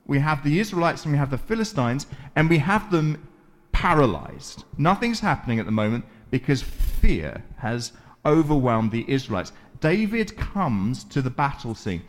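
A man preaching a sermon, retelling a Bible story with dramatic pauses, repeated words and voiced quotes from the characters. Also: medium pitch. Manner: measured, deliberate delivery with repeated words.

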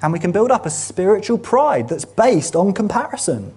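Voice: mid-range voice, sing-song, normal speed, a little mellow, breathy edge. A preacher giving a sermon in a church meeting room, earnest and building to emphatic peaks.

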